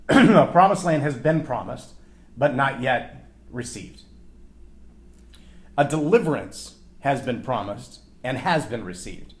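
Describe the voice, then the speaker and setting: A man giving an animated Bible teaching on leadership, often acting out quoted lines and repeating words as he thinks aloud. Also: medium pitch, slow, pauses often.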